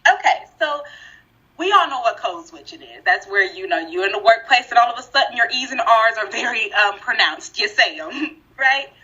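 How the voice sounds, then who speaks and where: A woman co-hosting a casual podcast discussion, talking in an animated, emphatic way and laughing often. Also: on the high side, moderate pace, slightly rough. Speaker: podcast co-host. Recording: dull lo-fi recording.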